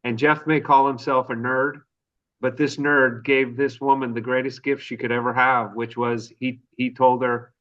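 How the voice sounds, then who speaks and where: A man's voice: medium pitch, level tone, normal speed, fairly bright tone, distant mic, muffled recording. A man, an author guest on a podcast, telling an earnest anecdote in a conversational way. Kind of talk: conversational storytelling.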